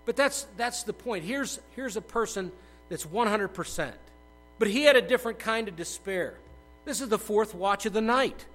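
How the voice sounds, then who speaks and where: A middle-aged male pastor preaching a conversational sermon, dropping to hushed asides and bursting into loud acted quotes. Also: high-pitched, animated, normal speed, low-quality recording.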